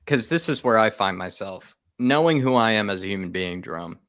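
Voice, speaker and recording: Deep-voiced man in candid football chat. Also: lively intonation, fairly quick, fairly bright tone, no room sound, studio quality. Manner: reflective, candid, conversational. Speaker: fan show host.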